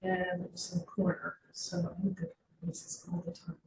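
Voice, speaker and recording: A woman's voice: on the low side, monotone, a little fast, far from the mic. Woman reminiscing over a noisy call. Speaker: class participant. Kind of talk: casual chat. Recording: echoey, noisy video call audio.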